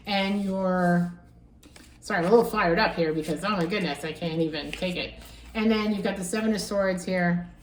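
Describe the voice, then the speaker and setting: A woman giving a casual tarot reading, musing aloud and repeating phrases with animated excitement. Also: medium pitch, far from the mic, a little hiss or hum. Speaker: tarot reader. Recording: echoey room, voice from off-mic.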